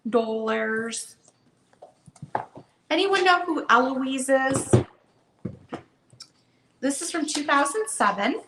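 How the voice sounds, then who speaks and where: A woman's voice: high-pitched, noisy background. A woman hosting a live online book sale, chatty and upbeat, calling out bids. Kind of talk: casual live auction chat. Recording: echoey room.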